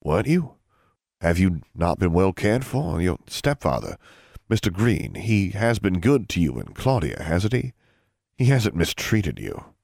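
A man voicing a soft-spoken, feared middle-aged wizard father who talks in a calm, measured, gentle way. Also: low voice, creaky, dry recording, studio quality, full character voice.

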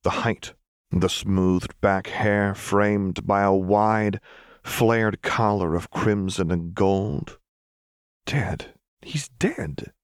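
A man reading a fan-fiction story aloud as a steady, measured narrator. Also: lowish voice, smooth, no room sound, studio quality. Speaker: audiobook reader. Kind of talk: scripted narration.

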